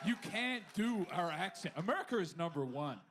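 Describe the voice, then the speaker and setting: A man trades sarcastic roasting jokes in a casual chat. His voice is high and swings widely in pitch. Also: expressive, brisk, crowd noise.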